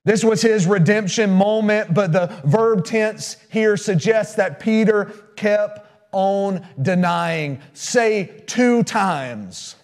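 High-voiced man preaching a sermon. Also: slow pace. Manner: storytelling, emphatic, asks the congregation questions. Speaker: pastor.

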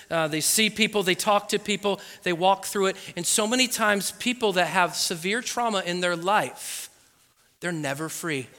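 A man's voice: sits high, bright, forceful tone. A man preaching a sermon as pastor in a church, building with emphatic repetition. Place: church sanctuary. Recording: echoey hall with long reverb.

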